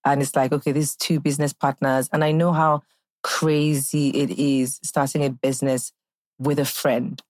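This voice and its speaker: A woman's voice: extremely low pitch, little pitch movement, normal speed, darkish tone. A woman in her thirties hosting a podcast, chatting casually with a friend in a teasing, playful way. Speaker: podcast host. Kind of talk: casual chat.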